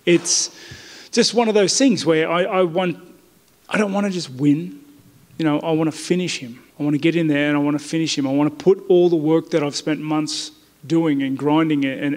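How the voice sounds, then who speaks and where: A man with an Australian accent answering reporters at a media day, blunt and laid-back, often saying mate. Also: on the high side. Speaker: fighter interviewed by press. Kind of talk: casual press interview. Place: media day press area indoors. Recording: reverberant media room.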